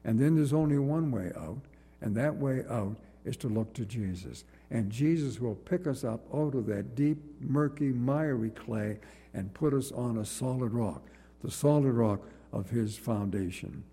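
A man preaching a sermon in an earnest, measured way, repeating phrases for emphasis, in a church. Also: mid-range voice, warm tone, slightly rough, in a large hall.

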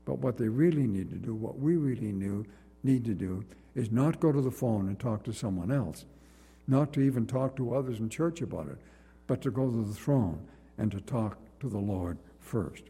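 A man delivers a sermon in a measured, earnest cadence, leaning on repeated phrases. His voice is very dark and somewhat husky. It rings with a long reverb, as in a large church hall. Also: lowish voice, lively intonation. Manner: earnest, measured preaching with repetition. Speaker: preacher.

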